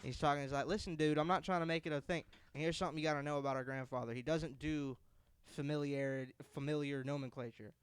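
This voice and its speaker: A man's voice: on the high side, fast talker, few pauses, clean tone. A young man on a podcast telling a family story in casual chat, acting out the people he quotes. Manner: animated storyteller, acts out quotes loudly. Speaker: podcast co-host.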